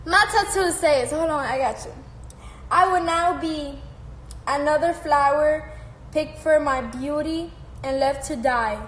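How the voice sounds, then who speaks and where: A teenage girl chats casually on a live stream, reading out fan comments and answering them, laughing often and swearing freely. Her voice is high-pitched and fairly bright, with a measured pace. The room is echoey, with faint noise in the background.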